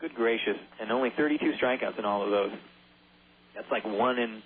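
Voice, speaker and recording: A man's voice: medium pitch, brisk. Chatty man calling baseball on tinny radio. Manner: chatty, drifting into jokey asides. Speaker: baseball play-by-play announcer. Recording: tinny phone-like radio broadcast.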